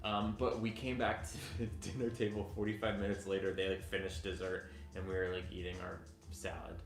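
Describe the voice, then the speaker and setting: A man in his twenties, co-hosting a vlog and telling a personal story in a casual, halting way with frequent restarts. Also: low-pitched, little pitch movement, soft background music. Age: 20s. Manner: halting, self-interrupting storyteller. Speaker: vlogger, co-host. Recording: echoey room.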